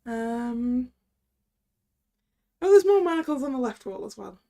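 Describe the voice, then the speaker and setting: With a fairly high, dark-toned voice, this let's play streamer talks expressively at a measured pace. She reads through the game and comments on it, thinking aloud, chatting, and correcting herself as she goes.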